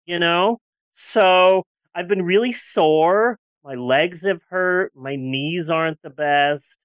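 A woman's voice: fairly low pitch, takes it slowly, no room sound. A woman in her forties chatting candidly on a podcast, rambling a little and restarting her sentences. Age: 40s. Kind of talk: casual podcast chat.

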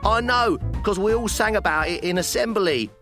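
A man's voice: high-pitched, moderate pace, a bit bright, faint music behind, voice pushed up. A man voicing a small, wiry, stubborn boy who keeps insisting. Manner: insistent, persistent.

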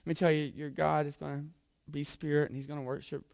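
A man preaching a sermon as pastor, animated and acting out scripture scenes in different voices. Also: a little high, quick pace, gravelly, no room sound, studio quality.

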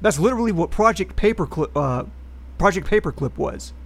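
A man with a slightly higher voice co-hosts a relaxed podcast. He works through a history segment, reading the facts, and breaks off into wry political commentary along the way. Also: brisk. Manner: reads historical facts, then adds wry political asides. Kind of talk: casual podcast chat.

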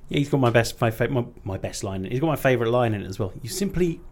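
A man co-hosting a podcast, chatting eagerly about a film and tripping over his words when excited. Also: mid-range voice, rapid-fire. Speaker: podcast co-host. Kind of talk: casual chat.

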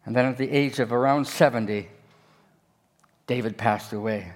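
A male pastor preaching a sermon, telling stories in an animated way that swings between loud and hushed. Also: mid-range voice, moderate pace, long pauses.

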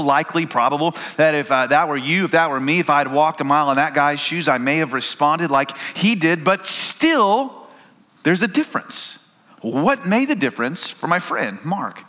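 A man preaching a sermon, telling stories in a relaxed, conversational way with small restarts. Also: a little high. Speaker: pastor.

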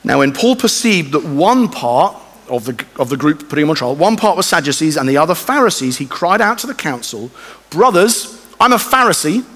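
A man delivering a sermon in an easy, conversational manner, and his voice sits a little higher than most men's. He slips into quoted voices to make his points. His words ring out with a long reverb through a church hall. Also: very animated, fairly quick, a bit bright. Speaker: preacher.

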